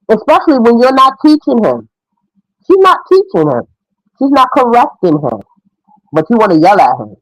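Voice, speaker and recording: A woman's voice: fairly low pitch, very animated, fairly quick, no room sound, rough recording. A middle-aged woman giving frank, opinionated casual commentary as a mother.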